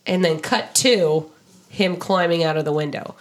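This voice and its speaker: A woman co-hosting a podcast, recapping shows in animated casual chat while a little sick. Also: fairly low pitch, a little slow. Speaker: podcast co-host.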